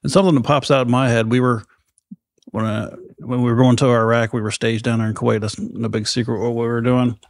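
A man's voice: medium pitch, little pitch movement, quick pace, dry recording, studio quality. A middle-aged man hosting a casual chat, telling war stories animatedly and acting out the voices of people he quotes. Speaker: podcast host.

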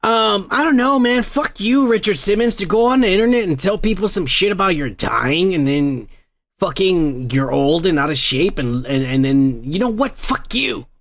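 A man's voice: sits high, lively intonation, moderate pace, a bit bright. A man hosting a comedy podcast, ranting and swearing constantly in a crude, rambling way. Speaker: podcast host. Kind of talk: crude drunken comedy rant.

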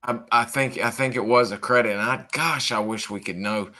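A male podcast host asking questions in a halting way, with many restarts. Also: mid-range voice, fairly even intonation, bright, forceful tone. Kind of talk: interview.

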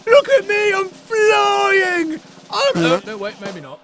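A man putting on a squeaky, silly cartoon character voice while gaming. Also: huge pitch swings, slow pace, vocal fry, fairly bright tone, full character voice. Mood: gleeful.

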